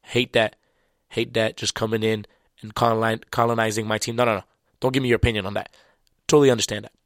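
A man whose first language is French talks basketball in a loose, chatty way, full of slang and restarts. His voice sits fairly low. The sound is dry and close, with no room echo. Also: level tone, fast. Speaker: basketball commentator. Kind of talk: casual sports talk.

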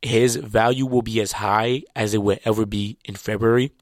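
Man, French native, low voice, casual slangy sports chat, dry close sound. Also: steady tone, normal speed, dry recording. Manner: loose and chatty, with slang and restarts. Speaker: basketball commentator.

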